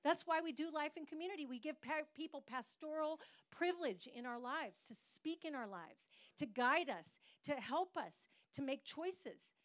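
A middle-aged woman pastor preaching a sermon, telling a personal story in an animated way with pauses for emphasis. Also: sits high, no echo.

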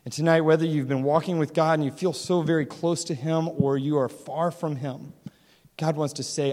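A man in his thirties preaching a sermon, telling a family story with lively acted-out dialogue and frequent laughs. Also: on the high side, moderate pace. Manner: animated storytelling, acts out dialogue, laughs often. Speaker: pastor. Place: church hall. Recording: hall with long reverb.

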